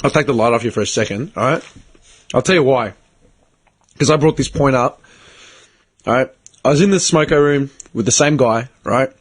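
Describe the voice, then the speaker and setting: A man's voice: medium pitch, normal speed, long pauses, breathy edge. A man on a casual podcast, swearing bluntly and acting out both sides of an argument as he tells a story. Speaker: podcast co-host. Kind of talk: casual chat.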